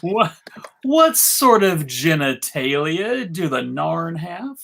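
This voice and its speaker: Man, podcast host, slow pace, stop-start delivery, casual chat. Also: a little high, very animated, vocal fry, fairly bright tone. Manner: halting, many restarts and laughs.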